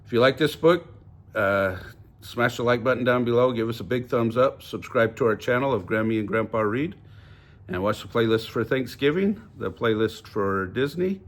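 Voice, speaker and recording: An older man reading a children's picture book aloud, gently voicing each character. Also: mid-range voice, lively intonation, normal speed. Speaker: storybook reader.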